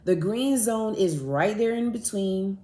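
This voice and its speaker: A young woman hosting a podcast, telling a story in a casual, animated and profane way, acting out both sides of an argument. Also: mid-range voice, a little slow. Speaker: podcast host. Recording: echoey room.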